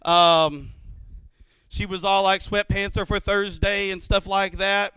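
A man in his thirties preaching a sermon in church, telling stories and acting out quotes with lively energy. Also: sits high, slow pace, smooth, dry recording. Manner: animated storytelling with acted-out quotes. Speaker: pastor.

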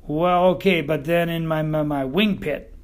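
A man with a Texan accent voicing a dim young male buzzard who whines and stammers slowly in an audiobook. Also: on the high side, fairly even intonation, natural voice. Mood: whiny. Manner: slow, stammering, whiny. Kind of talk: audiobook character voice.

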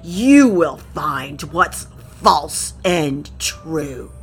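Storybook crocodile king, male, commanding and slow, read by a woman. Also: deep voice, animated, exaggerated voice. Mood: gloating. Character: mighty booming male crocodile ruler.

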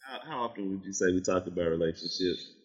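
A man's voice: sits low, quick pace, darkish tone, dull audio. A man in his forties with a Southern Texas accent, a laid-back podcast guest. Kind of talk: casual interview chat.

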